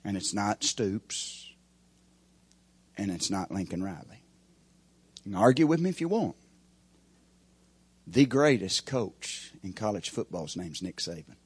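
Husky-voiced preacher, loud then hushed. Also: male voice, low-pitched, sing-song, unhurried, pauses often, no echo. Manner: preacherly, swings from shouting peaks to hushed lines. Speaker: pastor. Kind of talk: sermon.

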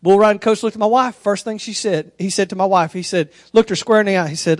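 A man preaching a sermon, telling animated stories and calling out directly to the congregation. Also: sits high, normal speed, no echo, clean studio sound. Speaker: pastor.

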